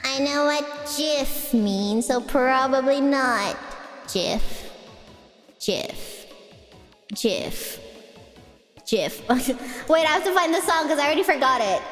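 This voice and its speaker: A woman's voice: sits high, expressive, a little slow, fairly bright tone. A woman livestreamer chatting in a giggly, playful, teasing way, her voice run through an added reverb effect. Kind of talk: casual stream chat. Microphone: close streaming mic. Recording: heavy reverb, long echo tail. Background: faint background music.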